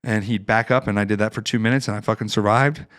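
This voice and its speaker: A smooth, lowish, fast-talking man from Ohio, a fighter and Marine veteran, guests on a podcast. He tells stories in a casual chat, swearing and acting out the quotes with animation.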